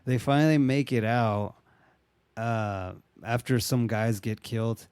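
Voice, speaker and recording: A young man recapping a movie in casual chat, excited and profane, acting out scenes in silly voices. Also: medium pitch, a little slow, clear, resonant tone, dry recording.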